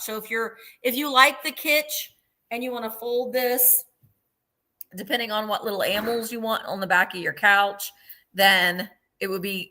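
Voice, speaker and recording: Bright, chatty middle-aged woman. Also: on the high side. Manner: chatty, gushing, describes items at length. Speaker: host of a live vintage sale. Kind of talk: casual live-sale chat.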